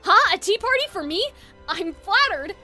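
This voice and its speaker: A woman's voice: extremely high pitch, sing-song, normal speed, pushed and bright, faint music behind, heavily acted. A woman reading an earnest freshman boy. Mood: eager.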